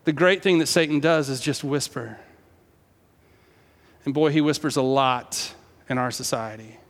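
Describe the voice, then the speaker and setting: An American pastor preaches with impassioned delivery, shifting between hushed tones and raised, quoted lines. His male voice sits on the high side and carries a big-room sound.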